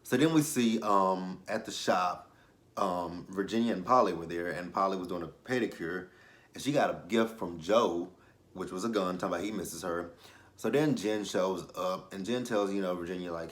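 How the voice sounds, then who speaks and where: A man with a somewhat low voice runs through a TV episode in casual, slang-heavy talk. He curses freely, laughs often and leans on plenty of ums as he goes. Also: moderate pace. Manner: loose, profane, laughing, with slang and many fillers. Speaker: TV episode reviewer, channel host.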